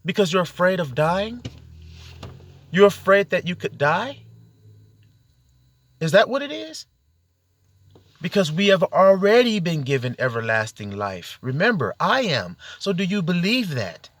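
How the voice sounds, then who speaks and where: Man preacher, highish lively voice, exhorting and fired up, recorded dry inside a car. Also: measured pace, long pauses, no room sound. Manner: exhorting, fired-up, peppered with rhetorical questions to the audience. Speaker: self-styled preacher. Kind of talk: impassioned spiritual monologue.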